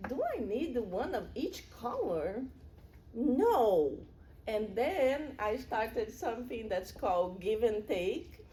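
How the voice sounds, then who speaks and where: A woman's voice: fairly high pitch, darkish tone, a little hiss or hum. A middle-aged woman giving a public spiritual lecture in an earnest, conversational way, with personal stories.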